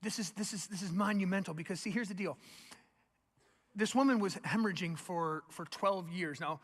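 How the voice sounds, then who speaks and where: A young man preaching a sermon, telling the story in a lively, animated way and acting out the voices of its people. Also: high-pitched, normal speed. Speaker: pastor. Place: large church hall. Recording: long hall reverb.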